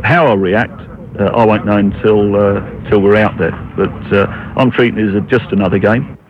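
A sportsman speaking calmly and matter-of-factly in an interview clip, pausing with ums. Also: lowish voice. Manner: calm matter-of-fact, halting. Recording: dull radio clip with ambient noise.

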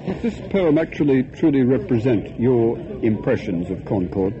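A man's voice: mid-range voice, animated, normal speed. A man hosting a radio phone-in, speaking in a polished, genial presenter's manner. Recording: dull old radio broadcast with noise.

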